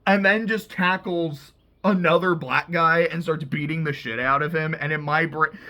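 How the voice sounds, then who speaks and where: A man's voice: fairly high pitch, steady tone, moderate pace, sharp tone. A man casually recapping TV episodes, talking loosely, swearing freely and leaning on "like" a lot. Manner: loose and profane, heavy use of "like". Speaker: TV show reviewer.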